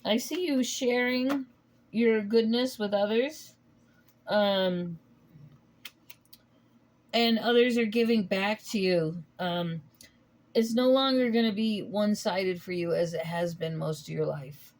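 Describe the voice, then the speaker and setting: A woman talks through a tarot reading in a loose, casual way. She rambles, stops to restart her thoughts and fills gaps with soft hesitations. Her voice sits at an ordinary middle pitch. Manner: rambling, halting, many ums and restarts. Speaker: tarot reader.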